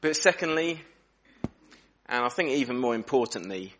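A man preaching a sermon in a church, earnest and reflective, slowing down and dropping his voice for emphasis. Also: medium pitch, lively intonation, a bit bright. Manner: earnest, reflective, varies pace and volume for emphasis.

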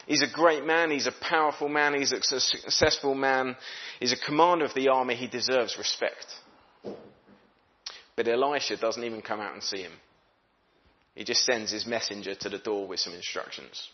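Male preacher, middle pitch, chatty sermon delivery, slightly lo-fi recording. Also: steady tone, normal speed. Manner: conversational, voices characters' thoughts. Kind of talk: sermon with Bible reading.

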